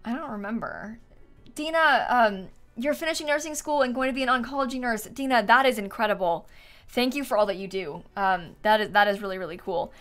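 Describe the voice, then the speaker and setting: A woman's voice: fairly high pitch, brisk, fairly bright tone. A woman streamer chatting casually while playing a game, laughing often and thanking viewers for donations. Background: faint background music.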